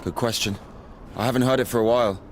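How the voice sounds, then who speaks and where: A man's voice: medium pitch, steady tone, fast, slight background noise, close to an everyday voice. A man voicing a wary male companion in a video game, making short dry remarks. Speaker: game character.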